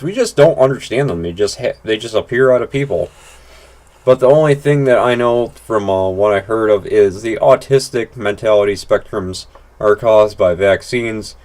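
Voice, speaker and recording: Man, casual gameplay commentary, rambling, blunt, filler-heavy, mid-pitched. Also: a little mellow. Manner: rambling, full of "like" and restarts. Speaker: gaming channel host.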